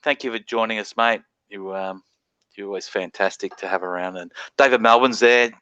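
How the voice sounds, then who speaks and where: Aussie bloke rambling on a late stream, swears a lot, bright tense voice, dead dry sound. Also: male voice, on the low side, fairly even intonation, normal speed, clean tone, no echo, muffled recording. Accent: Australian. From Australia. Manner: rambling, swears freely, laughs often. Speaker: livestream host. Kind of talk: casual late-night chat.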